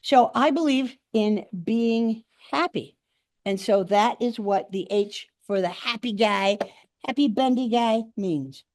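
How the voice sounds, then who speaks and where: An older woman gives a humorous speech at a speaking club in a meeting room, acting out the quotes in her stories as an animated storyteller. Her voice sits on the high side and she takes it slowly. The recording has no echo and a clean studio sound.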